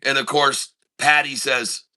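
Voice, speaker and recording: A man's voice: medium pitch, fairly even intonation, a little slow, bright, forceful tone. A middle-aged man hosting a day-trading livestream, chatting casually with viewers and telling a joke, rambling with lots of fillers. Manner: rambling, filler-heavy, answers chat mid-story. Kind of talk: casual live-stream chat and joke telling.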